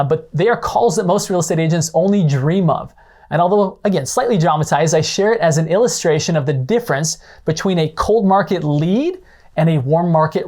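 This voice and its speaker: On the high side with a darkish tone, a man teaches about real estate leads and referrals. His explanatory coaching includes brief phone-call examples in which he role-plays callers with a touch of drama.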